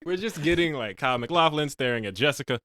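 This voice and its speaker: A man co-hosting a casual movie review podcast, animated and joking, often laughing. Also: a little high, fast talker, no room sound, studio quality. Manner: animated, laughing, jokey asides. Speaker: podcast co-host.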